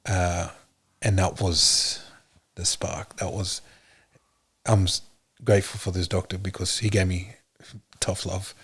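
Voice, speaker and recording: A man, a podcast guest, telling his story in an earnest, halting way with many fillers. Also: sits low, level tone, a bit bright, husky. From Australia. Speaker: podcast guest, police officer. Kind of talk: casual interview talk.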